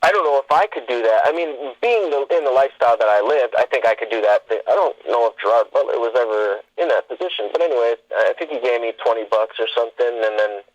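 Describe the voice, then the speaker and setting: A man's voice: mid-range voice, fast talker, hardly any pauses, no room sound, muffled recording. A man, a guest on a talk show, telling stories in a rambling way with many fillers and restarts. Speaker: podcast guest. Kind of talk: casual interview storytelling.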